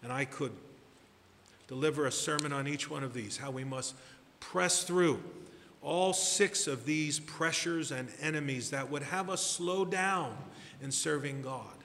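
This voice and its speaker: A man preaching a sermon as pastor, deliberate and emphatic, building to stressed repeated phrases. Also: on the high side, sharp tone, long reverb tail, a little hiss or hum.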